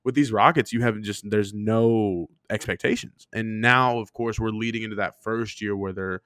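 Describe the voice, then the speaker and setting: A man co-hosting a sports podcast in loose, casual chat. He rambles and gets excitable, swearing freely as he riles himself up. His voice sits fairly low and sounds dry and close to the mic. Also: moderate pace, no room sound. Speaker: podcast co-host. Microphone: remote podcast mic.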